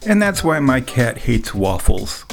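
A man's voice: medium pitch, sing-song, unhurried, gravelly, faint music behind. Rambling, jokey man telling a story. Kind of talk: casual monologue.

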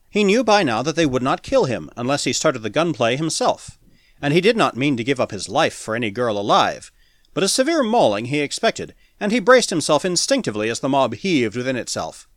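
A man narrating a pulp science fiction story as an audiobook in a dramatic, animated reading. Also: mid-range voice, dry recording, clean studio sound.

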